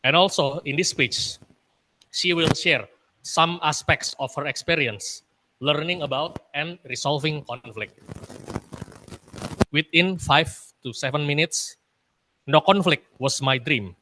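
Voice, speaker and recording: Man introducing a speaker over noise. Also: fairly high pitch. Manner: measured, reads out project details. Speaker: speech evaluator. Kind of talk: formal introduction. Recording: noisy call line.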